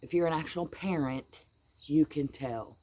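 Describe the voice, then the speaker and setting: A middle-aged woman vents to her viewers in a low, husky-toned register, blunt and heated. She tells it folksy and plain. Faint crickets and insects chirp in the background. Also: a little slow, mellow, a little hiss or hum. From United States. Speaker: vlogger. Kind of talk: casual venting vlog.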